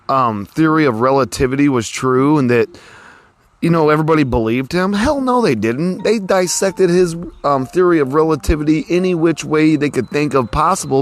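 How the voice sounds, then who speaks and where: A man hosting a podcast, musing in a casual, rambling way with lots of fillers, recorded outdoors. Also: fairly high pitch. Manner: rambling, folksy, many fillers like "you know". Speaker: podcast host. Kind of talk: casual philosophical monologue. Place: outdoors with cars passing.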